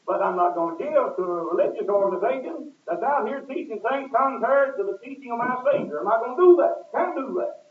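A man preaching a sermon in a church, pressing his points with sudden loud emphasis and swinging his voice up and down. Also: very high-pitched, animated, fairly quick. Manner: emphatic, rising and falling with sudden loud stresses. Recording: echoey, distant, tinny lo-fi recording.

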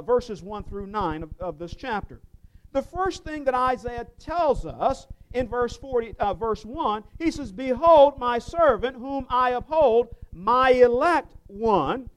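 Very high-pitched male preacher. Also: rough recording. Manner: expository, reads scripture verses aloud; swings between raised emphasis and hushed low delivery. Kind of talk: sermon.

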